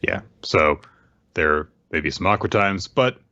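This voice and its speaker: Deep bright-toned podcast co-host. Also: male voice, expressive, a little slow, dull audio. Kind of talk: casual podcast chat.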